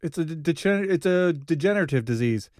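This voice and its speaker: Man, casual podcast chat, animated, profane, fairly high voice, lively pitch, dry sound. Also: quick pace, no room sound. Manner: animated, profane, says dude.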